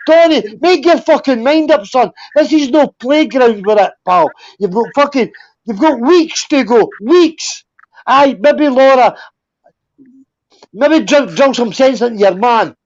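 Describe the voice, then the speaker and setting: A man's voice: very high voice, lively intonation, measured pace. Hot-headed Scottish man in his fifties. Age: 50s. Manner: hot-tempered, blunt, swears a lot. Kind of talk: heated casual chat. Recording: dull lo-fi stream audio.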